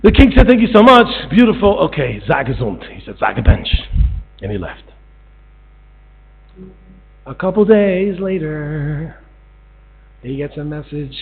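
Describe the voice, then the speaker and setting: A man's voice: fairly high pitch, a little slow, gravelly, pauses often, breathy edge. A man giving a storytelling sermon, acting out voices in a parable and building to pleading. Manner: animated, acts out voices in a parable, rises to pleading. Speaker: speaker giving a Torah talk. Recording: tinny lo-fi recording with mains hum.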